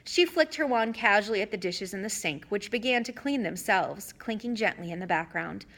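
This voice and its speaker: A woman narrating a children's fantasy novel in an expressive reading voice. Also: medium pitch, normal speed. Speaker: audiobook reader. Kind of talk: storybook narration.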